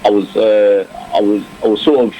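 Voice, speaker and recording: Deep-voiced man, reflective and rambling. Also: fairly even intonation, moderate pace, mellow, rough recording. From England. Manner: reflective, many fillers and restarts. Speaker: former cricketer, guest. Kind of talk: casual interview talk. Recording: faint background noise.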